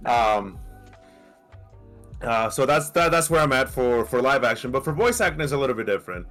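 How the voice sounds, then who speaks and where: A man's voice: medium pitch, expressive, moderate pace, fairly bright tone, soft background music. Rambling man on a podcast panel. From Mexico. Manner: rambling, many restarts and fillers; grows heated and emphatic. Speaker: podcast co-host. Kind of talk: casual panel discussion.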